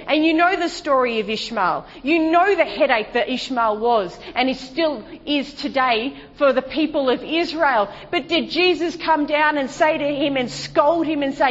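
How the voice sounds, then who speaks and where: A woman's voice: normal speed, few pauses. Woman preaching in a reverberant hall. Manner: emphatic, rhetorical questions, shifts to hushed low delivery. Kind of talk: sermon. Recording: dull sound with long hall reverb.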